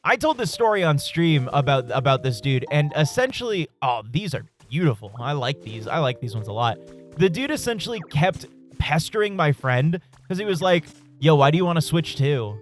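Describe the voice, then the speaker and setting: Male streamer, casual storyteller, a bit high-pitched and very expressive, faint game music underneath. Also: normal speed. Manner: animated storyteller, swears, laughs often. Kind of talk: casual live-stream chat while gaming.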